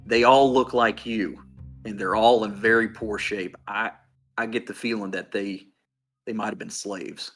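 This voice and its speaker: A man playing a tabletop game, speaking casually and haltingly. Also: on the low side, fairly even intonation, fairly bright tone, soft background music. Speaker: player. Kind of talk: tabletop role-play.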